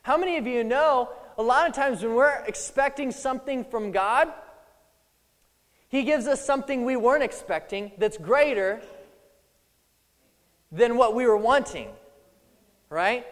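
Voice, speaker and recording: Animated high-voiced male preacher in reverb. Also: moderate pace, pauses often. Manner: animated, acts out scripture scenes with voices. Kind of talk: sermon. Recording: long hall reverb.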